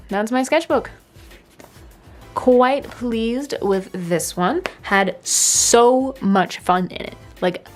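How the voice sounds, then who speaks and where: A young woman in her twenties chatting casually through a sketchbook tour, rambling, self-deprecating and quick to giggle. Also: mid-range voice. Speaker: artist giving a sketchbook tour. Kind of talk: casual chat.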